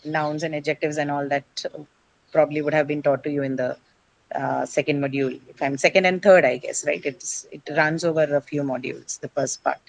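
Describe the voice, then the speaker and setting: Low-voiced woman teaching pronunciation. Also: fairly even intonation, fairly quick, vocal fry, no echo, rough recording. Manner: patient, explanatory, asks questions then answers them, frequent "right?". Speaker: English teacher. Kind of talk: pronunciation lesson to a class.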